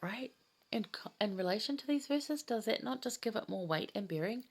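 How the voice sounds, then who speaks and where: A woman's voice: fairly high pitch, expressive, normal speed. A woman in her fifties teaching a casual scripture study, chatty, enthusiastic and heartfelt. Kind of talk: casual gospel study chat.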